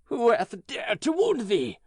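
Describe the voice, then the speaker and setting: A man voicing a huge old giant in a storybook reading, speaking slowly and solemnly in old-fashioned words. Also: on the high side, wildly swooping pitch, gravelly, fairly bright tone, breathy edge, no echo, studio quality, full character voice. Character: huge old male giant, gruff then tender.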